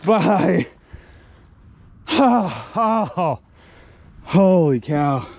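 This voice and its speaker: A man vlogging from a lake shore while fishing, talking to viewers in bursts of loud exclamations and laughter. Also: mid-range voice, lively intonation, slow, no room sound. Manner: breathless, exclaims loudly, laughs and talks to viewers. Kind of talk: excited on-the-water fishing vlog. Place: outdoors by a small lake.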